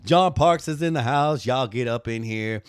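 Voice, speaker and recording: A man's voice: normal speed, very noisy. A man hosting a live design tutorial stream. He chats with viewers in playful, sassy banter and calls them honey and girl. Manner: lively, swoops high when joking.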